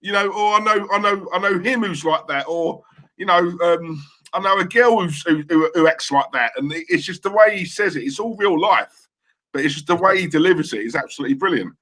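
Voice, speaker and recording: East London bloke, bright and punchy, enthusiastic fan-stream co-host. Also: male voice, high-pitched, brisk. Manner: enthusiastic, repeats phrases for emphasis. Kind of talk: casual chat.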